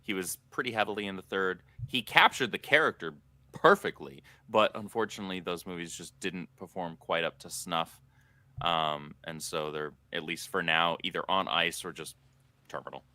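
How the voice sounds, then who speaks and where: A man's voice: deep voice, normal speed, pushed and bright, dry recording. A man co-hosting a pop culture podcast, explaining film trivia in an easygoing casual chat. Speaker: podcast co-host.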